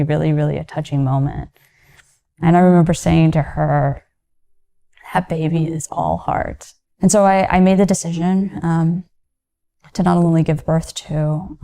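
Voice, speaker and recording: A woman's voice: low-pitched, mellow. A young woman giving a personal testimony in a hesitant way, with frequent fillers and restarts. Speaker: interviewee sharing her story.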